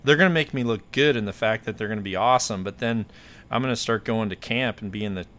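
A man's voice: on the low side, fast talker, fairly bright tone. A man hosting a podcast, telling a story in a rambling, self-correcting way. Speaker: podcast host. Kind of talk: casual storytelling chat.

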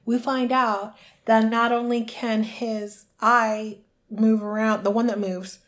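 A podcast co-host, she speaks in a fairly high pitch with a flat delivery while casually summarizing a book chapter. She throws in brief put-on voices to perform what the characters say.

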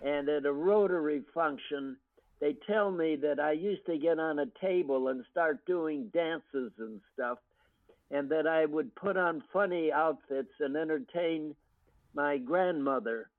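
An older American man, a guest actor, reminiscing in an interview with unhurried storytelling full of ums and restarts. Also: on the high side. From United States. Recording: tinny phone-line audio.

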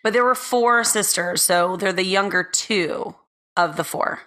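A woman co-hosting a podcast in casual chat, a little hoarse, laughing often and trailing off mid-thought. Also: mid-range voice, a little slow, pushed and bright. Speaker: podcast co-host. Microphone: studio mic with red light.

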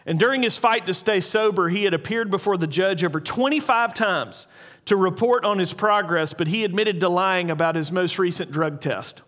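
A man with a notably high voice delivers an earnest sermon. He slows down to stress key points and repeats important lines. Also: fairly bright tone. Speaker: pastor.

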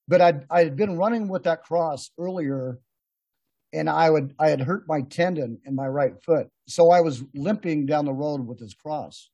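A man's voice: fairly high pitch, moderate pace, mellow, slightly rough, dry recording. A man hosting a podcast, telling rambling, laughing anecdotes in a casual chat with many restarts. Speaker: podcast host. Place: podcast room.

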